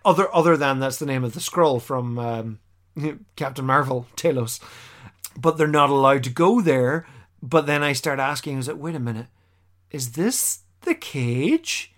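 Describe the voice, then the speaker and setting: A man casually recapping a TV episode on a podcast, animated and quick to act out the characters' lines. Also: medium pitch. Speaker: podcast co-host.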